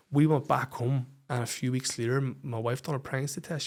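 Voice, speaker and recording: A man's voice: medium pitch, steady tone, a little fast, hardly any pauses, darkish tone. A man with a Northern Irish accent, a podcast guest telling his personal story frankly and swearing freely. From Northern Ireland.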